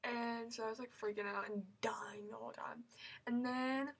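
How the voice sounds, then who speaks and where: A woman's voice: a little high, fairly even intonation, normal speed. A teenage girl telling a story in a vlog, gushing and rambling with many fillers and squealing when she quotes herself. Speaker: vlogger.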